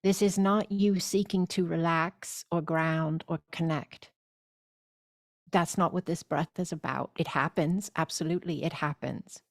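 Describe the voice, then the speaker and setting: A woman leading a spiritual course, speaking deliberately and soothingly with loud gasping inhales and repeated phrases. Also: low voice, fairly even intonation, dry recording, studio quality. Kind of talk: slow guided spiritual teaching.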